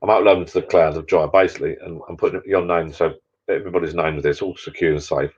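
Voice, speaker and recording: A man's voice: low voice, steady tone, fast, darkish tone, slightly rough, highs cut off. A man hosting a casual live stream, rambling chattily and reading out viewer comments.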